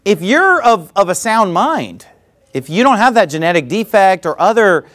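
A man preaching a sermon in church, animated and mocking, with frequent laughing asides. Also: high-pitched, moderate pace. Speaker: pastor.

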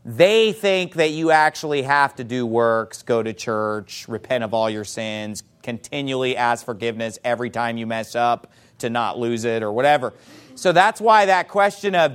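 A man's voice: a little high, moderate pace. A man teaching church members how to talk with people about salvation, acting out their replies in varied voices. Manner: animated, acts out quoted replies in varied voices.

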